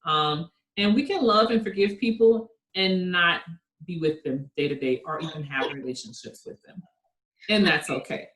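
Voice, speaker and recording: A woman guest speaking in an earnest, reflective way over a video call, laughing softly now and then. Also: on the low side, normal speed. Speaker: guest, kindness network founder. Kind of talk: conversational interview. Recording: echoey room sound.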